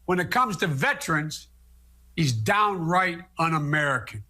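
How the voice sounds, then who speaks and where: A man's voice: a little high, animated, a little slow, sharp tone. A man giving a prepared political speech in an indignant, emphatic manner. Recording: long reverb with noise.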